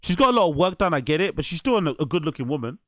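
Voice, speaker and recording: A man's voice: on the high side, sing-song, fairly bright tone, no room sound, studio quality. Crude rambling male reaction host. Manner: crude, rambling, quick to laugh. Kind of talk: reaction commentary.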